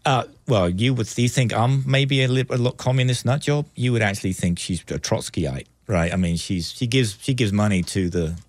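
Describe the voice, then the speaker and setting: A man's voice: lowish voice, moderate pace, few pauses, no echo. A man from just outside London with an English accent worn by years in America, a guest on a radio talk show, rambling, joking and defending himself with many restarts. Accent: English, from near London, mixed with American. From England. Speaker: studio guest. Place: radio studio.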